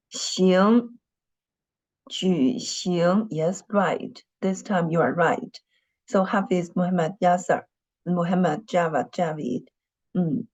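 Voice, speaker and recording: Slow, patient woman teaching by video call. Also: lowish voice, a little mellow, dull audio. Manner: slow, patient, repeats words, often clears throat. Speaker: Mandarin teacher. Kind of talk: online dictation lesson.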